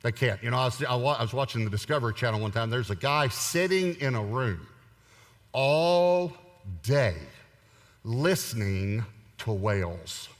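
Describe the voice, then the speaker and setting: Male pastor, mid pitch, chatty humorous sermon delivery, long reverb of a large auditorium. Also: expressive, moderate pace. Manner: conversational, humorous, emphatic repetition.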